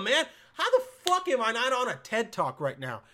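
High, bright-voiced young man ranting profanely. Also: wildly swooping pitch, normal speed. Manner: profane, rambling, jokey; swings between mumbling and shouting. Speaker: podcast host. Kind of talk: casual rambling monologue.

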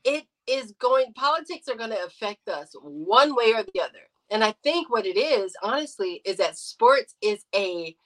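A woman talking as a podcast guest, her voice bright and forceful and sitting a little high. She argues her point in an animated, emphatic way, breaking into loud outbursts now and then. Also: normal speed, hardly any pauses, poor audio. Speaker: podcast guest, radio show host. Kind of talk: casual debate chat.

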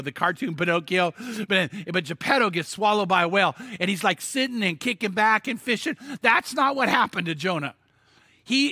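A man preaching a sermon, telling the story in an animated way with stammered restarts and sudden emphatic bursts. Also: sits high, no room sound, clean studio sound. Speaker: pastor.

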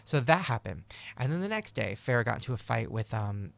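A male podcast host recapping reality TV gossip in animated, chatty storytelling. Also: mid-range voice, fairly quick, vocal fry, a crowd in the background. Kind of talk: casual chat.

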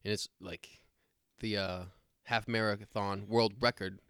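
A man's voice: fairly low pitch, fairly even intonation, unhurried, fairly bright tone, clear, resonant tone, no echo, studio quality. A man on a podcast telling crude stories in a rambling, casual way and acting out other people's lines. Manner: rambling storyteller with coarse humor, acts out other people's voices.

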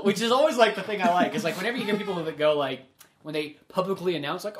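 A man's voice: high voice, quick pace, fairly bright tone, a little hiss or hum. A man co-hosting a podcast in casual chat, laughing often and quoting film lines. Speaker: podcast co-host.

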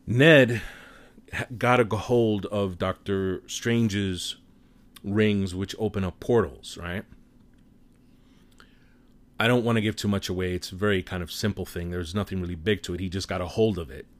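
A man giving a casual spoiler movie review, retelling scenes in an animated, profane storytelling manner. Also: deep voice, normal speed, pauses often.

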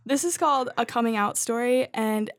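A woman reading her own poetry aloud in a measured spoken-word cadence, then chatting casually. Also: on the high side. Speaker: poet, co-host.

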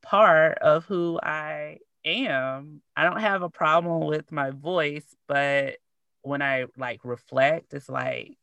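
Slow-talking Southern woman, gravelly. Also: low voice, a bit bright, dry recording, dull audio. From Arkansas. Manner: slow, easy cadence. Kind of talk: casual chat.

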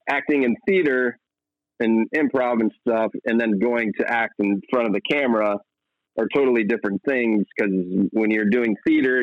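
A man's voice: fairly low pitch, dry recording. Young male actor guest, laid-back and rambling, lo-fi recording. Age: young adult. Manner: relaxed, rambling, laughs often. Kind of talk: casual interview talk.

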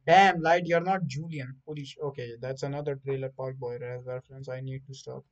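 A man hosting a casual podcast chat, rambling in an animated way and swearing freely. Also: mid-range voice, a little fast, dull audio. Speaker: podcast host.

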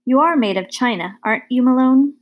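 A woman voicing an enormous bearded male hobo who speaks gently, formally and fondly, in a storybook reading. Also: high-pitched. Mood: kindly. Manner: formal, fond, unhurried speech.

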